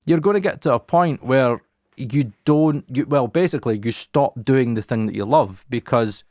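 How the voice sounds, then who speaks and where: A man's voice: medium pitch, normal speed, darkish tone, no room sound. A man, co-hosting a podcast in casual chat, frank and emphatic, swearing often, close on a studio mic. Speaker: podcast co-host.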